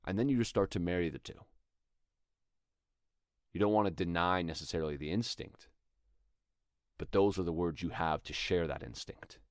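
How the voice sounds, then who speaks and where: A man's voice: low-pitched, normal speed, long pauses, no echo, clean studio sound. A man hosting an acting podcast, explaining script work in a thoughtful, conversational way and sometimes reading lines aloud to show them. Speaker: acting coach podcast host. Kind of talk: instructional talk.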